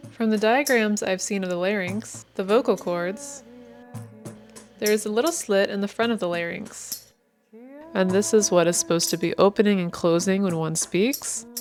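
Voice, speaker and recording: A woman guiding a meditation in a calm, inviting voice at a mid pitch. She speaks very slowly, and soft instrumental music plays faintly behind her. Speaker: meditation guide. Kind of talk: guided meditation.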